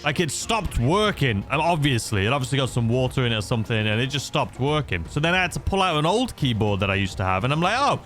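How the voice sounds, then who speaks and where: A man's voice: mid-range voice, big pitch swings, fast talker, few pauses, fairly bright tone, faint music behind. A man giving rambling, self-mocking gameplay commentary that tips into frustration. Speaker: gaming YouTuber.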